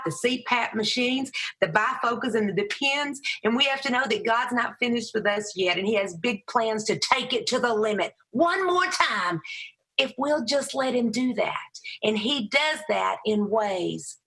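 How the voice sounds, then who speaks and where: A middle-aged woman with a heavy Southern accent, a Christian motivational speaker telling lively stories as a podcast guest. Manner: animated storyteller, raises her voice high for quoted people. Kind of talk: storytelling interview answer.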